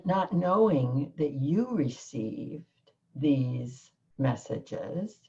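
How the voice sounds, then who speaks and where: A woman hosting a prayer gathering, speaking softly and with emotion as she reads a prayer aloud. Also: low-pitched, lo-fi sound. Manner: slow, soft and emotional, drawn-out words. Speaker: host. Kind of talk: reflective talk and prayer reading.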